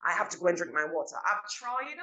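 A woman guest chats on a podcast and tells animated stories, acting out her own past remarks. Her voice is bright and forceful. The room gives it a clear echo. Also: on the low side, brisk. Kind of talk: casual interview conversation.

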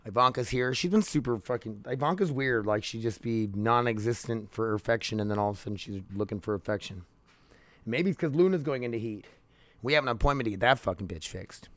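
A man's voice: mid-range voice, fairly quick, a bit bright, no echo. A young man hosting his own podcast from home, rambling candidly with plenty of swearing. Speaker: podcast host. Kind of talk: casual solo podcast monologue. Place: home, near laundry room. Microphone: podcast microphone.

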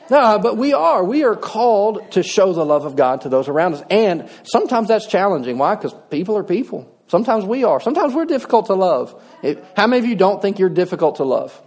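A man's voice: high voice, a little mellow. A middle-aged man, preaching a sermon in a folksy, conversational way with touches of humor. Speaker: pastor.

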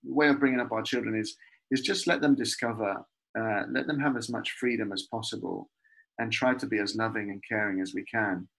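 Middle-aged guy from peru, husky voice, chatty and animated about food. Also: on the low side, fairly quick, poor audio. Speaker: guest. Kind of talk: casual conversation.

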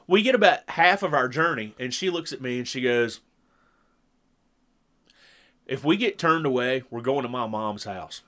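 A middle-aged man telling a long story in casual chat, animated and acting out what people said. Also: mid-range voice, moderate pace, pauses often. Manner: animated storyteller who acts out quotes. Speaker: podcast co-host.

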